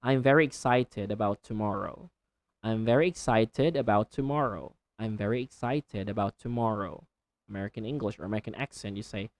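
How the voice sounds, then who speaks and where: A woman teaching English pronunciation, repeating words slowly with exaggerated, deliberate enunciation. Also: very deep voice, a little mellow. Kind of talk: pronunciation tutorial.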